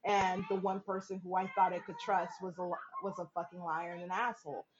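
A woman's voice: fairly low pitch, brisk, highs cut off, noisy background. A woman, a podcast guest, telling a personal story in casual chat, swearing freely and acting out what others said. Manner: animated, acts out quoted voices, laughs often, swears freely.

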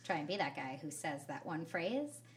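A woman's voice: low-pitched, very animated, moderate pace, a little hiss or hum. A woman co-hosting a podcast, chatting casually with playful, jokey asides. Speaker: podcast co-host. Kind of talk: casual chat.

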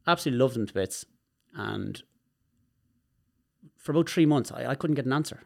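An Irish man, a guest on a podcast, telling personal stories in an animated way and swearing freely. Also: mid-range voice, fairly quick, creaky. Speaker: guest, movement specialist. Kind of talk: podcast conversation.

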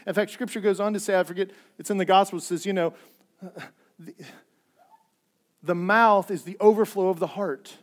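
A middle-aged man preaching a sermon in a conversational way, swinging from loud emphatic lines to hushed, near-whispered quotes. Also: sits high, fairly even intonation, moderate pace. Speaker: pastor.

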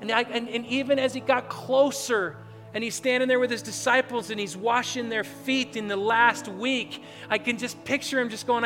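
A middle-aged man preaching an Easter sermon as a pastor, telling a story earnestly and swinging between loud emphasis and hushed moments. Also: very high-pitched, steady tone, moderate pace. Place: large church hall with live band. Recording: reverberant hall with faint band music.

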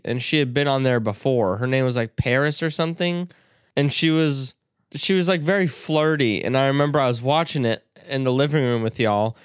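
Man, podcast co-host, crude jokey chatter, smooth clear tone. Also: mid-range voice, dry recording, studio quality. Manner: crude, joking banter. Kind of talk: casual chat.

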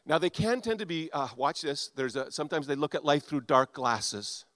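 A man preaching a sermon, animated, acting out quoted voices and swinging between loud and soft. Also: fairly high pitch, normal speed, dry recording. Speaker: pastor.

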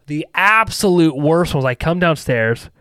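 A man's voice: fairly high pitch, animated, a little slow, a bit bright, no echo. Chatty rambling man with a dry sound. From rural US. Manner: rambling anecdotal storyteller with restarts and asides. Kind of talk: casual chat, storytelling.

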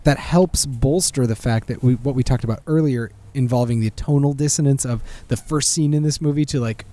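A man co-hosting a movie podcast, chatting casually and animated, laughing often and jumping up in pitch for jokes. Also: a little fast. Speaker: podcast host. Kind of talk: casual chat.

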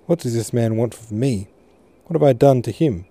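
A man reads as a young girl in tears, her pleas climbing higher and louder than the reader's own dark, mellow voice. She sounds bewildered and pleading. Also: fairly even intonation, fairly quick, lightly acted. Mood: tearful. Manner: sobbing, rising pleas.

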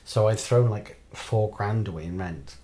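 A man, a podcast guest and actor, telling stories in casual chat and laughing often. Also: a little slow. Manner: animated, laughs often, jumps into high-pitched excited outbursts.

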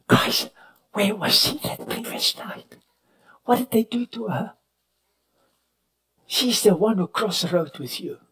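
In a rough recording from a retreat meeting room, a pastor with a slightly high voice delivers a sermon. His storytelling jumps suddenly to loud cries and sinks to hushed near-whispers, and now and then he fixes his own wording partway through a sentence.

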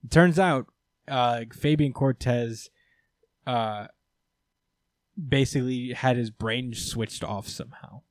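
A man co-hosting a podcast, casually recapping a comic storyline with rambling asides, laughs and quick character voices. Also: mid-range voice, no echo. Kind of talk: casual comedic recap chat.

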